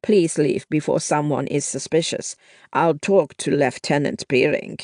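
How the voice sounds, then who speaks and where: A narrator voicing a wounded sergeant who speaks English, keeping his voice low and cautious. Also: measured pace, a little mellow, no echo, clean studio sound, natural voice. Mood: uneasy. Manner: cautious, lowered voice. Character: wounded adult male German sergeant, guarded. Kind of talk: audiobook narration.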